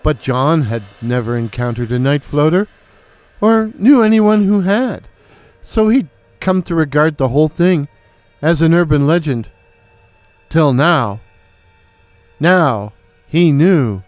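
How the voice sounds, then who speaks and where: A man telling an original horror story in a slow, deliberate, theatrical way, as host of his own channel. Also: fairly high pitch, expressive, darkish tone, no echo, soft background music. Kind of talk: dramatic horror story narration.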